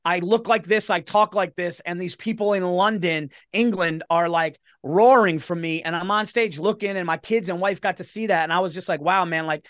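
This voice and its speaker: A middle-aged man, a comedian guest telling stories in a rambling, animated way. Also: high-pitched, normal speed, hardly any pauses, no echo, studio quality. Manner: animated, rambling, self-interrupting. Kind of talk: casual interview storytelling.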